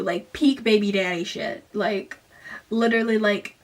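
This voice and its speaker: Young woman, casual book recap vlog, sarcastic asides, filler-heavy, medium pitch, slightly distant mic. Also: steady tone, measured pace.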